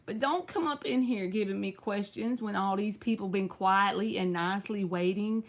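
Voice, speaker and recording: A woman's voice: medium pitch, normal speed, few pauses. A woman with a Southern US accent giving live tarot readings, chatty and direct, answering viewers by name. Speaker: tarot reader.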